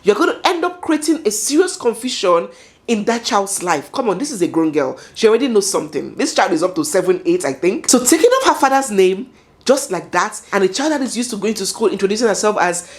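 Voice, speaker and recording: A woman's voice: mid-range voice, sing-song, a little fast. A Nigerian woman commenting on a viral video in a dramatic, chatty vlog style, talking to herself and laughing now and then.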